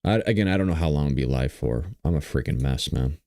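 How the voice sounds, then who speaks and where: Brief: low-pitched male streamer, tearful and shaken, dry close sound, broken halting delivery. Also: animated, warm tone, no echo. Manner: halting, trailing off and restarting. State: tearful, choked up. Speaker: livestream host. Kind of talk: emotional live stream talk.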